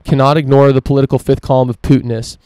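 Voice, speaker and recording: Male podcast host, solo rant, profane and emphatic, smooth dark voice, little melody. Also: medium pitch, flat delivery, quick pace, no echo. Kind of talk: solo opinion podcast monologue.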